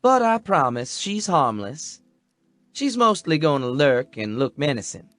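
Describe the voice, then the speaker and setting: A friendly young woman smoothing things over with sweet reassurance, as a man puts her on. The voice is lifted well above a man's range and moves slowly over a dry, close sound. Soft music hums faintly behind her. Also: fairly high pitch, very animated, dry recording, pitched above the performer's own voice. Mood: reassuring.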